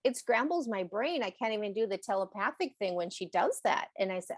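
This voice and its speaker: A woman's voice: on the high side, animated, brisk, hardly any pauses, no room sound. Chatty rambling woman, dry close sound. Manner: chatty, rambling, laughs often. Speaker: animal communicator. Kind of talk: casual chat on a podcast.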